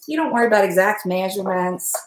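A woman's voice: mid-range voice, expressive, fairly quick, reverberant, slight background noise. A middle-aged woman, chatting and rambling to her viewers while she cooks in her home kitchen. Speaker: cooking vlogger. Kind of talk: casual chat while cooking.

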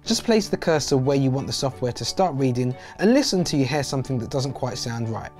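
A man's voice: mid-range voice, animated, fairly quick, a little mellow, faint music behind. A man hosting and explaining in an upbeat tutorial voice-over. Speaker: host.

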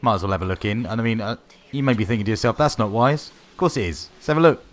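A man giving wry, sarcastic let's-play commentary while playing a horror game, swearing often and yelling when startled. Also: on the low side, quick pace. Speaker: gaming video host.

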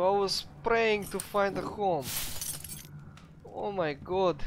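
A man with a Russian accent giving chatty, excitable let's play commentary to his viewers. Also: sits high, takes it slowly, pauses often, slight background noise. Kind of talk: gameplay commentary.

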